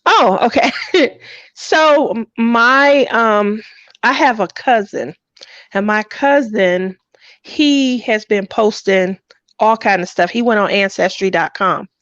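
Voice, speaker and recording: A woman hosts a casual craft livestream, telling stories in a lively way and breaking into laughter often. Her fairly high voice comes through dry and close. The sound is a little dull and lo-fi. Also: takes it slowly, no room sound. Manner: laughs often, animated storytelling.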